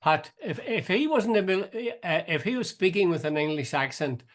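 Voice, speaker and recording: A man's voice: sits high, sing-song, moderate pace. Wry older man questioning. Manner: wry, questioning, thinks aloud with restarts. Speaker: host. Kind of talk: casual political chat.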